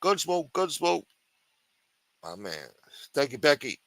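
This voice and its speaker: A man's voice: on the high side, sing-song, slow, fairly bright tone, dry recording. A man hosting a livestream, rambling in a sarcastic, profane, casual way. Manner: rambling, sarcastic, heavy swearing. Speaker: livestream host.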